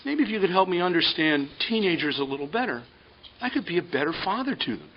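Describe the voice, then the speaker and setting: A man's voice: sits high, very animated, quick pace, pitched above the performer's own voice, full character voice. Plain earnest dad, kinda bewildered, stumbles over words, as a guy acts him out, muffled audio. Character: simple ordinary middle-aged father. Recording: dull lo-fi audio with faint hiss.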